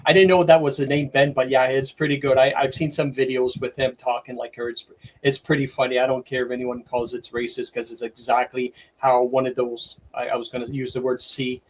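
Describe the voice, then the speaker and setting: A middle-aged man, hosting a livestream and ranting excitedly, with lots of stumbles and restarts. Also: mid-range voice, brisk. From Canada. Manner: excitable, rambling rant with many restarts. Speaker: livestream host. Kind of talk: opinionated livestream commentary.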